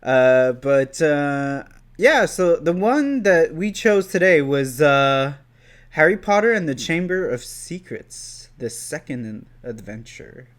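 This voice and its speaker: A young man with a Quebec French accent hosts a casual podcast, talking into a podcast mic. He rambles and hesitates, leaning on fillers, at a slow, easy pace. His voice sits a bit high for a man. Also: very animated. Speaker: podcast host.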